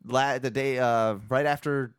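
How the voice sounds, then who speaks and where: A man's voice: mid-range voice, steady tone, unhurried, smooth, no echo, clean studio sound. A man co-hosting a podcast, telling a long, rambling, profane story in casual chat. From Orlando area, Florida. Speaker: podcast co-host.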